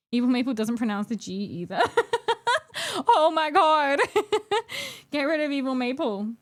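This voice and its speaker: A woman's voice: high-pitched, sing-song, a little slow. A young woman streaming as she paints miniatures, chatting casually, giggling and poking fun at herself. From United Kingdom. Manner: giggly, chatty, self-mocking. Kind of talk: casual live-stream chat.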